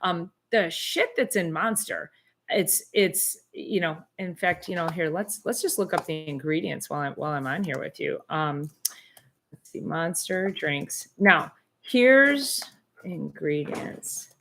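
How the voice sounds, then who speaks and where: A middle-aged woman with a somewhat low voice hosts a live question-and-answer stream. She talks casually and rambles, full of fillers and false starts. Now and then she bursts into animated disbelief. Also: unhurried, creaky, slight background noise. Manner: chatty, rambling, frequent fillers and restarts. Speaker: chiropractor hosting a live Q and A.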